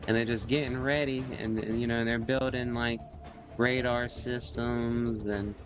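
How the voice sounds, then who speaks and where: A man's voice: mid-range voice, level tone, unhurried, over music. Rambling male streamer telling doodle stories. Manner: rambling, filler-heavy, with sound effects and silly voices. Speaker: livestream host drawing on stream. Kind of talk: casual storytelling while drawing.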